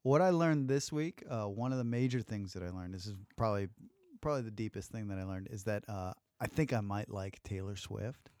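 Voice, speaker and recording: A man's voice: on the low side, fairly quick, a little mellow, no echo, clean studio sound. A man co-hosting a podcast in casual chat, easygoing and chatty with many fillers. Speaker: podcast co-host.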